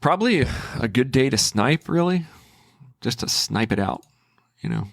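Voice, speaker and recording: A man's voice: mid-range voice, very animated, normal speed, gravelly, no echo, clean studio sound. A man giving casual, hesitant commentary as a trading channel host, thinking aloud with restarts.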